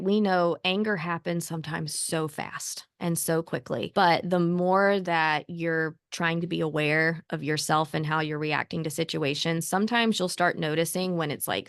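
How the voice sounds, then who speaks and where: A woman in her thirties, a therapist co-host, giving calm, reassuring parenting advice in a conversational way. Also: low voice, clean tone, no echo, clean studio sound.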